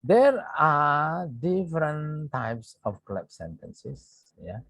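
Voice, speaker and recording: A man's voice: fairly high pitch, sing-song, a bit bright, no echo, low-quality recording. A man with an Indonesian accent, a native Indonesian speaker, teaching an English grammar lesson to his students, repeating points and saying "yeah" often. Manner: repetitive, says "yeah" often, slow deliberate explaining. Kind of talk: recorded online grammar lesson.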